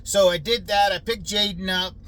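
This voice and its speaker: A middle-aged man vlogs outdoors from his farm on a handheld phone, speaking earnestly and defensively to his viewers with plenty of fillers. His voice sits high and fairly bright, with fairly even intonation at a normal speed, over a little hiss or hum.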